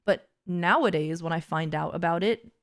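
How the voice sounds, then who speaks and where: A woman's voice: on the low side, moderate pace. Giggly, frank young woman streamer. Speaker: livestreamer. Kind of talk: casual chat.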